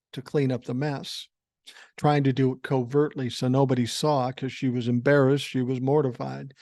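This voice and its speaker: A man's voice: mid-range voice, mellow, no echo, studio quality. A man in his sixties from Minnesota, a podcast host telling family stories in a blunt, profane, wry way. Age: 60s. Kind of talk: casual storytelling. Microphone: podcast microphone.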